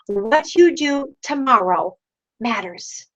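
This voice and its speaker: High-pitched woman fired up, pep talk to her team over a muffled video call. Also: expressive, slow pace. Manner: rousing, repeats rhetorical questions. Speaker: sales team leader. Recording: dull lo-fi online video call.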